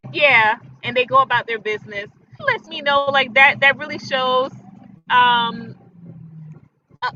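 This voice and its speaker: Bright, emphatic woman streaming outdoors. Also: on the high side. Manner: chatty, emphatic, addresses viewers as y'all. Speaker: livestream host. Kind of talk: casual livestream talk to viewers. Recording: dull lo-fi outdoor audio with faint noise.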